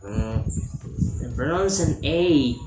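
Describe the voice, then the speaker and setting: Student reading class notes, halting, hesitant, very slow, echoey room, music behind. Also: medium pitch, lively intonation. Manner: halting, hesitant reading with fillers and self-corrections. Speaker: student presenting an assignment. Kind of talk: reading lecture notes aloud. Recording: roomy echo with music underneath.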